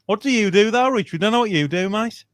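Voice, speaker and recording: A man's voice: high voice, animated, quick pace, no echo. A young man hosting a casual fan podcast, chatty and laughing as he tells stories. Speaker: fan channel host.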